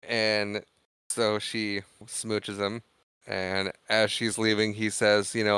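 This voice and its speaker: Bright, clear-voiced man recapping a movie. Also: on the low side, steady tone, no echo. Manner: rambling recap with quick acted-out quotes. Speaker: podcast co-host. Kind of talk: casual movie discussion.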